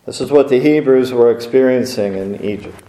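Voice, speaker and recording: A man's voice: mid-range voice, normal speed, dark tone. A man preaching a sermon in a conversational way, with rhetorical questions and wry asides. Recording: roomy echo.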